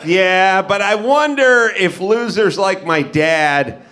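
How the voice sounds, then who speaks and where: A man hosting a live comedy podcast, telling stories and acting out dialogue with big swings in his voice. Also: slow pace. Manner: animated, acts out dialogue with big pitch swings. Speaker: podcast host. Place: live podcast on stage before an audience.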